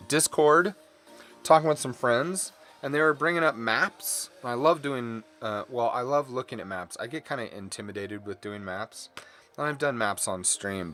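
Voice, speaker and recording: A man's voice: mid-range voice, a bit bright. A middle-aged man chatting casually and candidly while drawing on stream, rambling from topic to topic and apologizing for his swearing.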